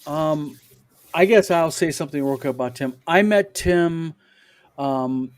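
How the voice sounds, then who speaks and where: A man co-hosting a casual panel chat, reading viewer mail and telling stories in a rambling way with many fillers and chuckles. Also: medium pitch.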